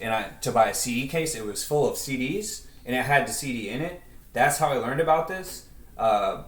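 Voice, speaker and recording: A man's voice: mid-range voice, far from the mic. A man chatting casually and ramblingly in a self-deprecating vlog, talking into a headset in his bedroom. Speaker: video creator. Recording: roomy echo.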